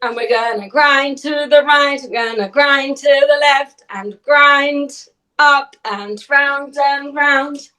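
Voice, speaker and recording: A woman's voice: high-pitched, takes it slowly, sharp tone, pitched above the performer's own voice, heavily acted. A woman voicing a cheerful female hen who coaxes the others in a sing-song dance chant.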